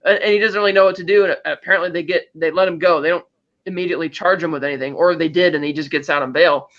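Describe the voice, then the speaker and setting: A man co-hosting a podcast, casually retelling a film plot in a rambling, animated way. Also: fairly high pitch, racing, highs cut off. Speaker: podcast co-host. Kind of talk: casual chat, film recap.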